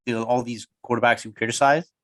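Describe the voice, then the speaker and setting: A man's voice: mid-range voice, steady tone, fast talker, dry recording. A man co-hosting a casual sports podcast, teasing his partner and firing off questions. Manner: quizzing, teasing, asks lots of questions. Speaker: podcast co-host.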